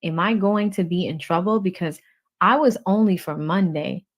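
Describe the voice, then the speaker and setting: A woman's voice: on the low side, moderate pace. A woman hosting a livestream, reading court transcripts aloud and naming each speaker before their lines.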